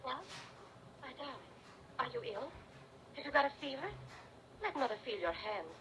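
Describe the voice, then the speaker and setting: A woman's voice: high voice, expressive, moderate pace, bright, forceful tone, poor audio. An actress playing a fretful, caring mother in 1930s radio drama style. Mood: worried. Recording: hissy old radio recording.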